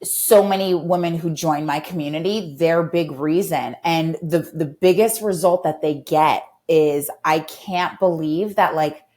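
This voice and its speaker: Brief: thirties woman, podcast guest, lowish voice, animated and heartfelt storyteller. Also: measured pace, hardly any pauses. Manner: animated, acts out quoted voices, emotional. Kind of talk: candid conversational storytelling.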